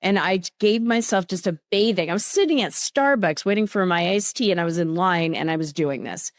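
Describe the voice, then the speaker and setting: Animated woman telling stories on a podcast. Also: lowish voice, brisk, dry recording, clean studio sound. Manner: animated storyteller who acts out her own inner dialogue. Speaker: guest author. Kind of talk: conversational podcast interview.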